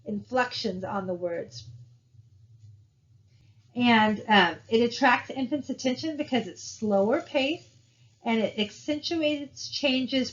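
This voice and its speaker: A woman giving a recorded college lecture in a casual, conversational way, with frequent fillers and "right?" tag questions. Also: on the high side. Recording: dull lo-fi recording.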